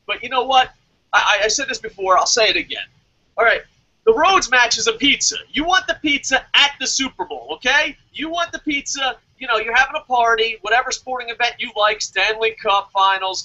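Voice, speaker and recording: A man's voice: very high-pitched, brisk. A man co-hosting a wrestling talk podcast, ranting with a lot of swearing in casual chat. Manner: profane, ranting, animated. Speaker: wrestling show co-host. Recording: dull lo-fi podcast audio.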